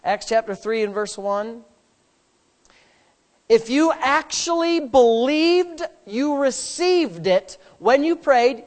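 A woman preaching a sermon with a fairly high voice. She talks emphatically, repeating her lines and building to forceful peaks.

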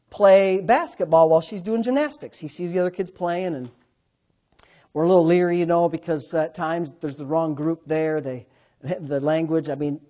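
A male pastor in his thirties preaches with a storyteller's energy. He drops to near-murmurs for asides, then jumps up loud and high while acting out the people in his stories. The recording sounds somewhat dull and lo-fi. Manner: storytelling, animated swings from quiet asides to loud, laughing bursts. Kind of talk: sermon.

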